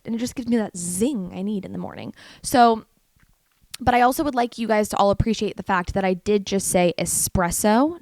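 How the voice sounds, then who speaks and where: A woman's voice: mid-range voice, a little fast, a little mellow, no room sound. A young American woman hosting a casual solo podcast, reading facts aloud with giggles and stumbling over words. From United States. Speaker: podcast host.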